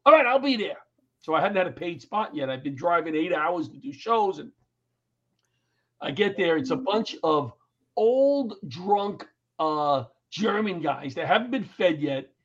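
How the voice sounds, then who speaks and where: Middle-aged New man, high voice, animated storyteller, dull lo-fi recording. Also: unhurried. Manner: animated storyteller, acts out quotes in raised voice. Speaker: guest comedian and former firefighter. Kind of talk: storytelling in casual interview chat.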